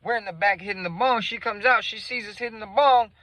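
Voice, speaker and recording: A man's voice: high voice, fast talker, pushed and bright, no room sound, low-quality recording. A man telling a story in a casual, rambling, profane way.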